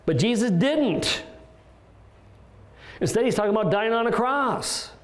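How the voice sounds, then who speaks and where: A male pastor delivers an expository sermon in a church sanctuary, his voice sitting a little high for a man. He explains in a conversational way, restarting phrases and asking rhetorical questions. The room adds a noticeable echo. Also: lively intonation, measured pace.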